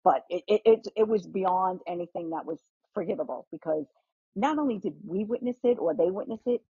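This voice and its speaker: A middle-aged woman, a guest host, telling a family story in casual chat, animated, with frequent restarts and casual swearing. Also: medium pitch, fairly quick, husky, no echo. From New York. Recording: muffled lo-fi podcast audio.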